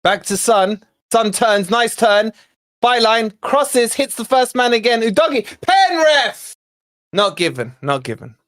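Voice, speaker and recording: A man hosting a live fan watch-along, commentating on play and chatting with viewers, excitable and quick to shout at near misses and fouls. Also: high voice. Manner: chatty, talks to viewers and co-host. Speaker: fan channel host.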